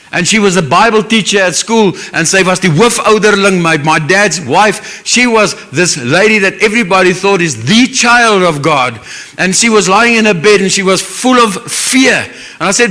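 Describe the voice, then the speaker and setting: A man's voice: high voice, bright, forceful tone. A man with a South African English accent preaching a sermon as pastor, earnest and emotional, with Afrikaans phrases mixed in.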